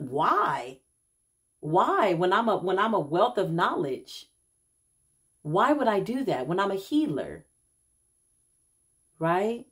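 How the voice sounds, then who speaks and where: A woman's voice: mid-range voice, sing-song, takes it slowly, long pauses, a bit bright. A middle-aged woman, a self-described healer, telling a casual vlog story and acting out the people she quotes, calling viewers y'all.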